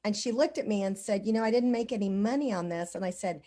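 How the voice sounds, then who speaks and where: A woman's voice: mid-range voice, quick pace, mellow. A woman hosting a casual online conversation, telling stories in a rambling way with lots of "like" and "you know".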